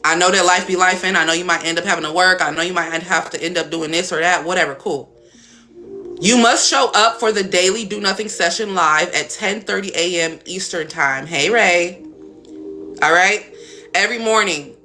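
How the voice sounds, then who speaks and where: A woman's voice: lowish voice, moderate pace, bright, forceful tone, soft background music. A woman hosting a live stream as a spiritual coach, talking casually and bluntly with some cursing. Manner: blunt, chatty, swears casually.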